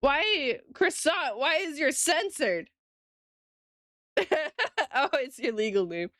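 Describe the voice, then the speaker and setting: A woman's voice: high voice, sing-song, slow, a bit bright, dry recording, studio quality. A woman streamer chatting casually with her viewers while she draws, giggling often and talking straight to chat.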